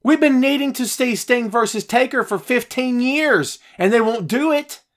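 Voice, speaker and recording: A podcast host, a man, ranting in a heated, animated way about wrestling while reading live chat. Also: very high-pitched, normal speed, slight background noise. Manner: animated, fired-up ranting, swings loud and soft.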